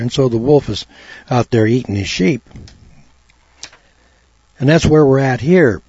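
A man's voice: mid-range voice, moderate pace, a little mellow, breathy edge, no room sound. A middle-aged man giving a talk radio monologue in a folksy, sarcastic way, full of rhetorical questions. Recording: dull lo-fi dry recording.

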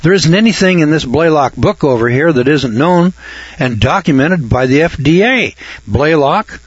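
A man's voice: a little high, animated, normal speed, slightly rough, no echo, muffled recording. A man hosting a radio talk show, ranting in a folksy, indignant way. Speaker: radio host.

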